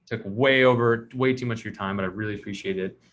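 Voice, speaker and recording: Animated man telling a story. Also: lowish voice, fast talker, slight background noise. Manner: animated storyteller acting out quotes. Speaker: podcast host. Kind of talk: casual storytelling chat.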